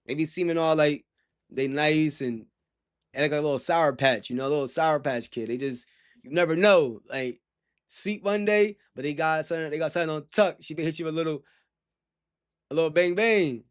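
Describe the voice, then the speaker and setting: A man's voice: a little high, normal speed, clear, resonant tone. A young man talking casually to his livestream chat, rambling with lots of slang and frequent laughter.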